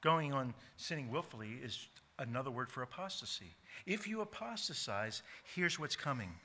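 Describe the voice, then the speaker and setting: Male pastor, sermon delivery, bright edgy tone, emphatic with restarts. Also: mid-range voice, lively intonation, slight background noise. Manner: emphatic, repeats key words slowly, frequent restarts. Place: church sanctuary.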